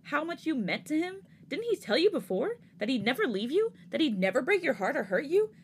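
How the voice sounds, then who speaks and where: A woman's voice: fairly high pitch, sing-song, a little fast, a little hiss or hum, pitched above the performer's own voice. A woman voicing an angry, protective young man in a fanfic reading, demanding answers and cursing. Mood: heated. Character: furious protective young man confronting a rival.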